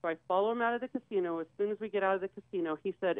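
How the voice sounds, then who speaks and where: A woman's voice: mid-range voice, rapid-fire, smooth, no room sound. A woman telling a dramatic personal story, acting out the voices of the people in it. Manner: vivid, acts out quoted dialogue. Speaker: guest sharing her story. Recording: tinny phone-like dry sound.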